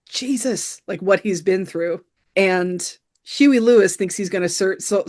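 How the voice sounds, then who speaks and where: A woman co-hosting a podcast, casually recapping a film scene by scene with lots of "you know" fillers. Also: medium pitch. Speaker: podcast co-host. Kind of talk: casual film review chat.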